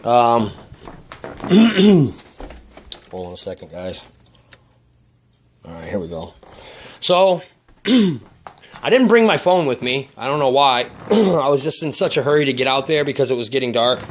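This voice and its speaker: A man's voice: medium pitch, big pitch swings, measured pace, pauses often, a little hiss or hum. A man vlogging about his RC plane, agitated, swearing, and often restarting his sentences indoors at home. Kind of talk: casual vlog.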